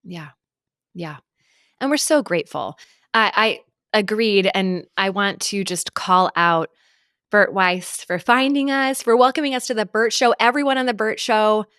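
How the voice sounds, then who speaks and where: A woman in her thirties co-hosting a podcast, speaking in a reflective, affirming way. She sits close to the mic in a dry room, at a middle pitch. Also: a little slow, a bit bright, no room sound. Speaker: podcast co-host. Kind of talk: casual chat.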